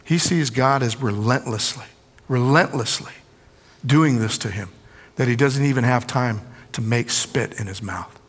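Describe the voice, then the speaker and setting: A middle-aged male preacher giving a sermon, swinging from loud pleading quotations to hushed asides. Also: mid-range voice, unhurried, husky, long reverb tail.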